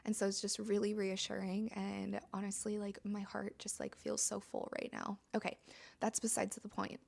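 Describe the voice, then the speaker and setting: A woman's voice: medium pitch, normal speed, vocal fry, a little mellow. A woman hosting a podcast, speaking in a chatty, emphatic, motivational monologue and filling her sentences with "like.". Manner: chatty, emphatic, heavy use of "like". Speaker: podcast host.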